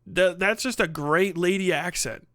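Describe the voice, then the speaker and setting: A middle-aged man chats to his stream audience in a high, bright, clear voice. His talk is profane and rambling and full of laughs. The mic sounds dry and close. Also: a little slow, no echo. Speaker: live streamer. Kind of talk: casual stream chat reading donations.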